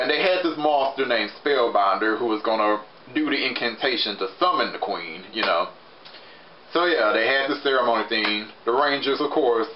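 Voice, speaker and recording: A young adult man giving a chatty, animated review with plenty of fillers. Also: medium pitch. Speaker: show reviewer. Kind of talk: casual review vlog. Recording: roomy, slightly muffled recording with faint hiss.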